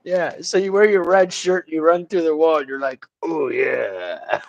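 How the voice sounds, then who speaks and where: A man's voice: sits high, moderate pace, lo-fi sound. A man hosting a livestream chat, joking crudely, laughing often and mimicking voices. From Italian family background. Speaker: livestream host. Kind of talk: casual chat.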